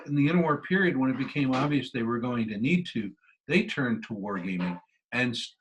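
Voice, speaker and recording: Guy giving a lecture off his slides, mid-pitched, rambly with lots of uhs, bit of hiss behind. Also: expressive, a little fast, poor audio. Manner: conversational, many fillers and restarts. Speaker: guest lecturer.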